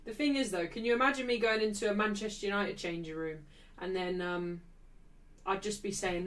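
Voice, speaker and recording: A woman's voice: mid-range voice, fairly even intonation, brisk, fairly bright tone, far from the mic, rough recording. Sweary, ranting woman streamer. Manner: heavy swearing, ranting, addresses chat. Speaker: streamer hosting a football watchalong. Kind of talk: casual live-stream chat.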